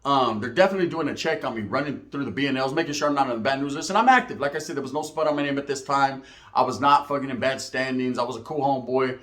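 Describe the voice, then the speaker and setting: A man's voice: medium pitch, racing, a bit bright. A man from Merced, California, telling a story in casual slang-heavy, profane street talk.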